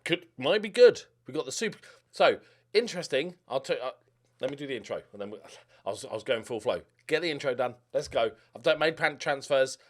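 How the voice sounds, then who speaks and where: A man's voice: mid-range voice, fairly quick. Young guy rambling thru a football sim, voice jumps up n down a lot, mutters half the time. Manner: rambling, mutters to himself, lively ups and downs. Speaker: gaming YouTuber. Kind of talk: casual game commentary.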